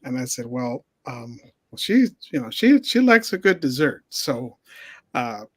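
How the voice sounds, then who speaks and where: A man, a guest on a talk show, telling a story with many pauses and restarts. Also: medium pitch, very animated. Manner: hesitant, many fillers and restarts. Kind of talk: casual storytelling.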